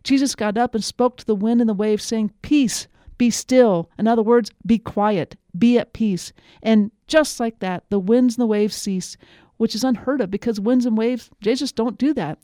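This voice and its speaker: A woman preaching a devotional sermon, earnest and emphatic, slowing down on key phrases. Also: fairly high pitch, warm tone, no echo, studio quality.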